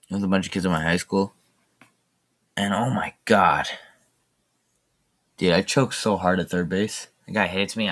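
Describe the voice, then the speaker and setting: A teenage boy with a lowish, bright-edged voice hosts his solo podcast. He rambles and jokes his way through chatty asides. It sounds like a casual talk recorded at home. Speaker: podcast host.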